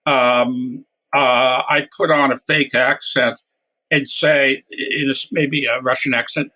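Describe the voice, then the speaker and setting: An older man, a guest author, talking casually with frequent pauses and wry humor. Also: medium pitch, fairly even intonation, pushed and bright, a little hiss or hum. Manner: hesitant, many uhs and restarts, wry humor. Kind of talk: casual podcast interview.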